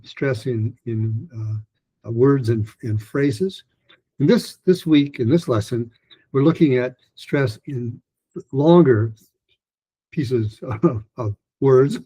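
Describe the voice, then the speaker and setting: A man teaching a pronunciation lesson in a loose, rambling way, with many restarts, fillers and slowly modeled phrases. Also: mid-range voice, dark tone, slightly rough, poor audio. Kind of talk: recorded lesson talk.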